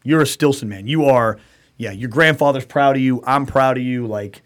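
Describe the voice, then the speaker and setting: A man's voice: mid-range voice, normal speed. A middle-aged man hosting a casual podcast chat, blunt and profane, often slipping into quoted voices of other people. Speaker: podcast host.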